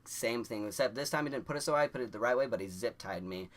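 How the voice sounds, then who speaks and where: A young man tells a story to his camera in a loose, rambling way, with restarts and a filler in nearly every phrase. His voice sits at a middle pitch, and he laughs his way through the funny parts. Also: lively intonation, quick pace, a bit bright, slight background noise. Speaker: vlogger.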